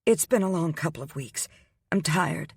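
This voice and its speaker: A man's voice: fairly high pitch, normal speed, gravelly, slightly rough, no room sound, clean studio sound, voice pushed up. A male audiobook reader voicing a stubborn, indignant young pregnant woman who talks back sharply. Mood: weary. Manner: sharp and defiant.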